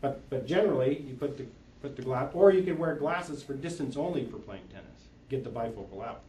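A man's voice: mid-range voice, expressive, a little fast, warm tone, a little hiss or hum. A man who works as an eye doctor, patiently explaining lenses and eye health with everyday comparisons. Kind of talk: explaining to an audience. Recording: echoey room, mic from far off.

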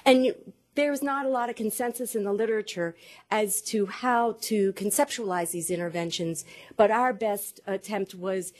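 Measured woman lecturing on caregiving research. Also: mid-range voice. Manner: measured, cites statistics, pauses to work slides. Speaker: dementia care researcher presenting. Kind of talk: lecture presentation.

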